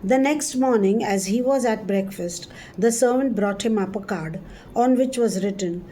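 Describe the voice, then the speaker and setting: A woman with an Indian English accent teaching a literature lesson, reading a story aloud and explaining it slowly, repeating and paraphrasing lines. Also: medium pitch, warm tone, a little hiss or hum.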